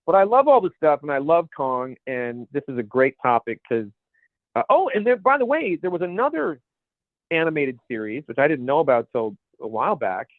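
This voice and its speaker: Man, podcast co-host, casual rambling chat, fairly high voice, dry narrow phone-like sound. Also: big pitch swings, brisk, no room sound. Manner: rambling, searching for words.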